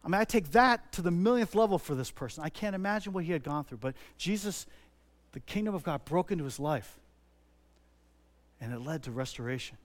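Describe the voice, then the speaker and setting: A man's voice: a little high, expressive, brisk. A middle-aged man preaching a sermon, earnest and repetitive, leaning hard on stressed words. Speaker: pastor.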